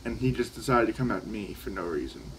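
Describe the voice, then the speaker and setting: A man's voice: lowish voice, big pitch swings, fairly quick, a little hiss or hum, poor audio. A teenage boy telling a story in a casual vlog, rambling and profane, often restarting his sentences. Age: teens. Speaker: vlogger. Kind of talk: casual storytelling while vaping.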